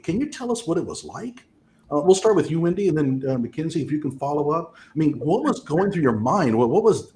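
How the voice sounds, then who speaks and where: A male host asks his questions with lots of hesitation and filler words. His voice is animated and rises and falls widely as he talks. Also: on the high side. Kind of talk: interview questions.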